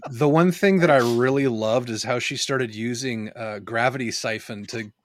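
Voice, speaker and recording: A man hosting a podcast in casual chat, expressive and quick to laugh and swear. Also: medium pitch, no room sound. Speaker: podcast host.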